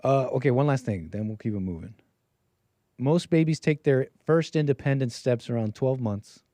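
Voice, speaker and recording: Brief: loose, rambling male host joking with his chat, mid-pitched, close and dry. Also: moderate pace, mellow, no room sound. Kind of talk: live-stream call-in show.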